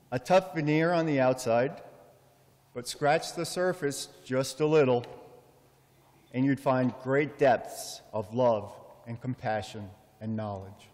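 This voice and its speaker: A middle-aged man giving a heartfelt funeral eulogy for his father, measured and full of storytelling pauses. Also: medium pitch, darkish tone. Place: memorial service in a large hall. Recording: long hall reverb.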